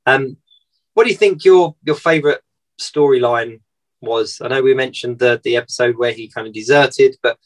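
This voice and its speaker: A man hosts an interview. He speaks in a measured, thoughtful way and reaches for fillers as he builds his questions. His voice sits at an ordinary middle pitch. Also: low-quality recording. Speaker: interviewer host. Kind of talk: casual interview.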